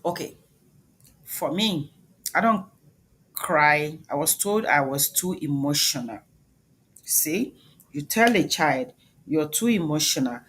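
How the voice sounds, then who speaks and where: A woman's voice: deep voice, expressive, slow pace, pauses often, a bit bright, husky. A woman with a Nigerian accent giving an emphatic motivational talk, questioning the audience directly. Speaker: speaker, doctor.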